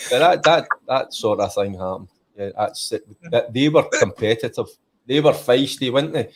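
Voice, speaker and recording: A man's voice: mid-range voice, normal speed. A Scottish man, a former footballer, chiming in during casual chat with short agreeing remarks.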